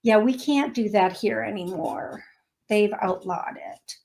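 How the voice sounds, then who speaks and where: A woman's voice: mid-range voice, measured pace, vocal fry, a little mellow. A woman hosting a radio show as a psychic medium, telling stories in a chatty, laughing way. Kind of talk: casual chat. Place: radio studio.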